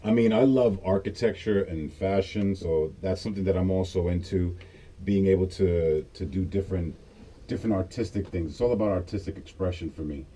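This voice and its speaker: Deep-voiced relaxed American DJ. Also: male voice, a little hiss or hum. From United States. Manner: relaxed, reflective, quick to laugh. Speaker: guest DJ. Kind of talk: casual radio interview. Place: radio studio.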